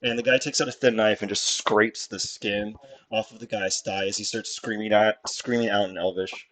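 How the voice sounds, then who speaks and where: A man narrating as game master, improvising grotesque scenes with animated, laughing delivery. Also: on the low side, normal speed.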